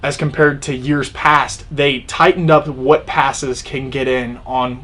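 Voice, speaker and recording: A man's voice: mid-range voice, fairly even intonation, slow, fairly bright tone. A man co-hosting a casual sit-down chat, explaining his views with plenty of restarts. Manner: explanatory, opinionated, frequent restarts. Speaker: co-host of an outdoors channel.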